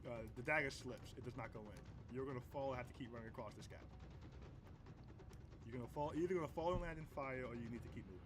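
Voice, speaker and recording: A man's voice: mid-range voice, quick pace. A man narrating as game master of a tabletop role-playing game, laughing often and stumbling over repeated words. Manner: animated, laughing, stumbling repetitions.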